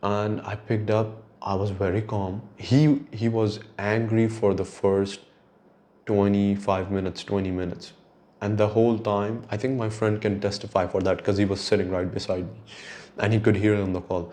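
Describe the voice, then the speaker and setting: A man's voice: fairly low pitch, flat delivery, normal speed, mellow. A young man hosting a podcast, talking in a reflective, rambling monologue and swearing casually. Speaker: podcast host.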